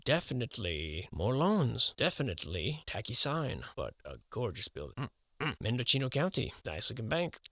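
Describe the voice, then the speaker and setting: A man's voice: mid-range voice, big pitch swings, normal speed, sharp tone, dry recording, studio quality. A man giving wry, joking commentary on old photographs and swearing casually along the way. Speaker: channel host.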